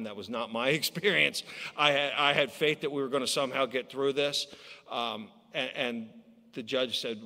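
A man's voice: medium pitch, pushed and bright. Man telling a recovery story in a hall. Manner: storytelling, acts out quoted voices. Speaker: AA speaker. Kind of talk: recovery talk at a conference. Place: conference hall. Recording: long hall reverb.

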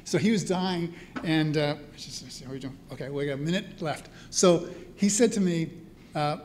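This priest, who also teaches spiritual care, has a fairly high-pitched yet darkish voice and talks at a moderate pace, with a little hiss or hum audible. He's giving a chatty storytelling talk to a live audience in a church hall, often checking in with them.

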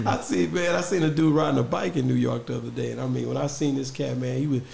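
A man's voice: medium pitch, lively intonation, normal speed, creaky. A man hosting a podcast in a casual, easygoing way, often laughing. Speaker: podcast host.

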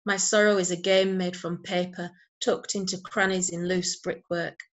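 A woman recites her poems in a steady, measured way over a video call. Her voice sits slightly low and barely rises or falls, and between poems she talks hesitantly with plenty of fillers. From Yorkshire, England. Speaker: poet. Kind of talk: poetry reading.

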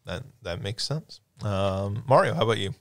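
A man hosting a games podcast in casual chat, relaxed and halting with many fillers. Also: lowish voice. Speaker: podcast host.

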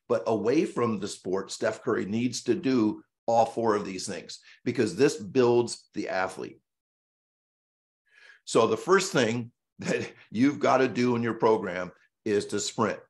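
A male coach giving a presentation in a blunt, emphatic way, hammering points home with repetition and an occasional mild curse. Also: fairly low pitch. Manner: casual and salty, with mild swearing.

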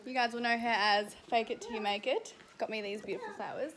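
The noisy home camera recording catches a young vlogger in her twenties chatting casually indoors, often laughing. Her voice is a little high and her pace a little fast.

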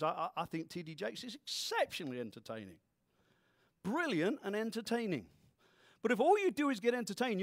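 A man preaching to his congregation in a lively, joking way. His voice sits high and swings widely up and down. The sound is dry and close, with no room echo. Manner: animated preaching with playful voices and asides. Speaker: pastor. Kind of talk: sermon.

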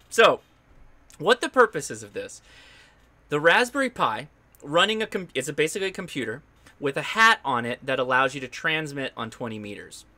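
A ham radio show host streams live from his home radio station, explaining his gear in a chatty, upbeat way with loose restarts. His voice is fairly high, bright and forceful.

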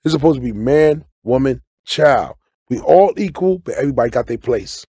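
A middle-aged man, talking loosely in a studio interview, preaching and joking with sudden loud outbursts. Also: mid-range voice, animated, normal speed, husky, no room sound. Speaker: guest comedian and actor. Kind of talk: casual interview talk. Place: radio studio.

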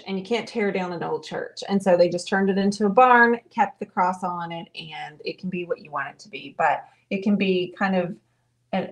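A woman in her forties hosting a live painting show, chatting and telling stories as she paints. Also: mid-range voice. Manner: chatty, storytelling, laughing often. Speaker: painting livestream host. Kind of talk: casual chat while painting.

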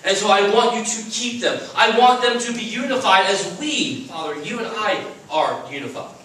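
A man's voice: sits high, moderate pace, bright, forceful tone, a little hiss or hum. A man preaching an earnest, emphatic sermon as a chapel speaker at a Christian school. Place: chapel at a retreat. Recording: echoey room from far off.

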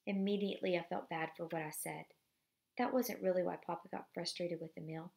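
Woman reading a novel aloud, gravelly edge. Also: fairly low pitch, brisk. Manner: steady, expressive reading with brief apologies for slips.

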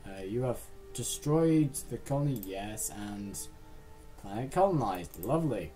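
Mellow-voiced man rambling through gameplay. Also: fairly low pitch, sing-song, measured pace, soft background music. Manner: rambling, muttering asides to himself. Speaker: let's play gamer. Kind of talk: casual gameplay commentary.

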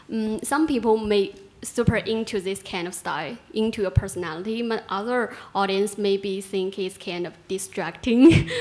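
A woman in the audience asking a filmmaker a question, slightly hesitant and using fillers. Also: mid-range voice. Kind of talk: spoken question at a public Q&A.

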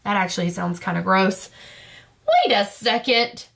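A woman teacher reading a children's book aloud in a playful, expressive way, acting out mock protest at the silly text. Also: mid-range voice, measured pace, gravelly.

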